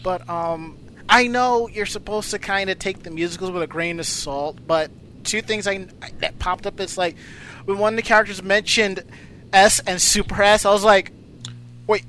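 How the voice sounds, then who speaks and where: A man's voice: high-pitched, fairly even intonation, moderate pace, bright, forceful tone, a little hiss or hum, poor audio. A man in a casual fan chat, musing hesitantly with many restarts.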